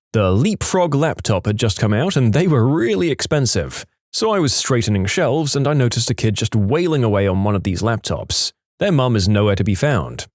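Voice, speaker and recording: A man narrates internet stories with an animated delivery, his pitch rising and falling freely as he acts out the quotes. The sound is dry and close, with no room around it. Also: dry recording. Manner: lively storytelling, quotes in varied voices. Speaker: story narrator. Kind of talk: reading reddit stories aloud.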